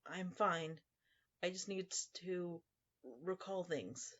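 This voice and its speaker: A man voicing a tearful, desperate teenage girl who speaks softly and hesitantly, sniffling. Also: high voice, very slow, lo-fi sound, exaggerated voice.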